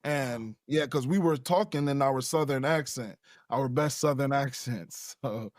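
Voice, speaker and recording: A man from Chicago, a guest in a conversational interview, telling his story in a laid-back way and chuckling between phrases. His voice sits at a middle pitch. It sounds dry and close to the mic. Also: unhurried, no room sound. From Chicago, USA.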